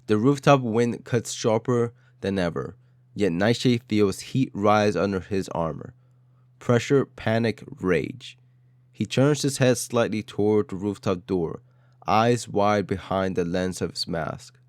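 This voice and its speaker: A man's voice: lowish voice, measured pace, no echo. A man narrating an audio story in a dramatic style, with short, clipped phrases.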